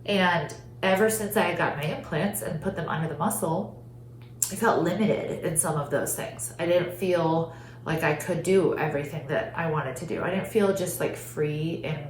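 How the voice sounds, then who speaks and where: A woman with a low-pitched voice at normal speed hosts a podcast, sharing a personal story earnestly and from the heart while saying "like" a lot. The recording has a roomy echo and a faint hum.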